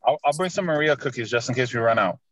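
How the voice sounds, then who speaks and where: A man's voice: mid-range voice, expressive, fast talker, a loud crowd. A young man in casual chat, laid-back and swearing, with lots of "like" and "dude.". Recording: dull lo-fi dry sound.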